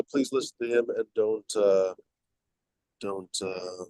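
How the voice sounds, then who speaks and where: Man, mellow voice, halting casual stream talk, dry sound. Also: lowish voice, no echo, rough recording. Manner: rambling, halting with fillers. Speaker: show host. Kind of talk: casual livestream chat.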